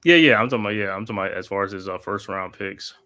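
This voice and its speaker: Quick-talking, low-voiced man co-host. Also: noisy background. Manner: quick, tumbling restarts. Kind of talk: casual sports chat.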